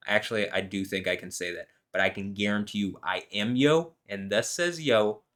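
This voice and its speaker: A man reads scripture verses aloud slowly, then breaks into rambling, profane commentary. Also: fairly low pitch, fairly bright tone. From United States. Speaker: host.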